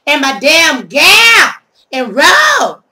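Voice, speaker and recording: A woman's voice: high voice, huge pitch swings, extremely slow, sharp tone. A woman telling a story in a brash, sassy comic rant, swearing constantly. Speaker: storyteller vlogger. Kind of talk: profane comic rant to camera.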